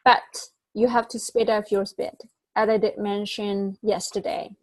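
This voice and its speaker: A woman's voice: mid-range voice, little pitch movement, a little slow, a little mellow, dry recording, poor audio. A woman giving a one-on-one English lesson over a video call, patient, stopping to explain words and correct pronunciation. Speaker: English tutor.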